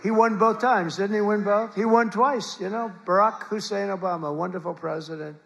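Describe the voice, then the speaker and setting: Older male politician, raised gravelly voice, rambling rally speech, crowd audible. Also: sits high, steady tone, moderate pace, a bit bright. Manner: rambling, repetitive, boastful asides. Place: large event hall with crowd. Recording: live rally with crowd noise. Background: crowd and ambient noise.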